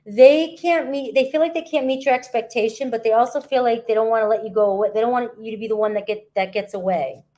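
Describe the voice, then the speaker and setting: A tarot reader sits outdoors at the beach, talking viewers through a casual reading in a slightly high voice with a dark tone. Her delivery is loose and chatty, sprinkled with frequent "okay?" and "all right?" check-ins.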